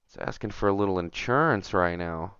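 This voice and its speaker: A man's voice: sits low, expressive, a little fast, a bit bright, clean tone, dry recording, muffled recording. A man streaming a retro game, talking to himself and his viewers as he plays, getting frustrated and muttering. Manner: chatty, self-talking, gets frustrated and mutters. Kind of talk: casual gameplay commentary.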